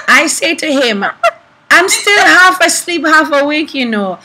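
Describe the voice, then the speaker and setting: A young woman prophetess teaching about prophecy through animated personal stories, acting out the people she quotes. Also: high voice, unhurried, slight background noise, low-quality recording. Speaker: prophetess and preacher.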